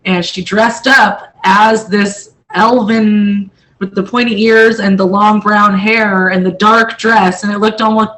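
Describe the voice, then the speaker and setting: A woman who works with clients, talking in casual chat with many pauses and restarts. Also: medium pitch, fairly even intonation, a bit bright, low-quality recording. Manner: hesitant, many fillers and restarts. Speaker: spiritual practitioner reading clients' past lives.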